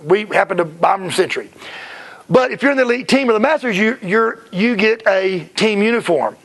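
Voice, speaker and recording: A man giving a chatty seminar talk about running a martial arts school, slipping into quick impressions of kids and parents. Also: high voice, animated, fairly bright tone.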